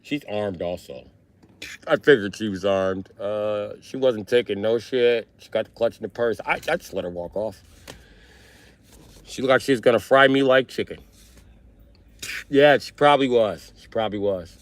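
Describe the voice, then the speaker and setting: A man on a live stream telling a funny family story, animated and profane, with heavy slang. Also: fairly low pitch, moderate pace. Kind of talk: comic storytelling.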